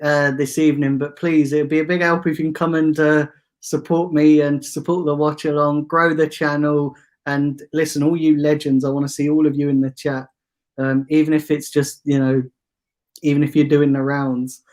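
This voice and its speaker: A man's voice: on the high side, level tone, normal speed, a little mellow. A man hosting a casual livestream, chatting with viewers and reading out their comments with easy banter. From England. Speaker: fan channel host.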